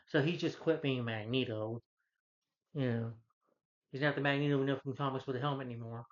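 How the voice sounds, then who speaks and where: Male film reviewer, casual rambling rant, fillers and exasperation, average pitch, muffled lo-fi sound. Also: steady tone, fairly quick. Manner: rambling, full of "you know" fillers, exasperated.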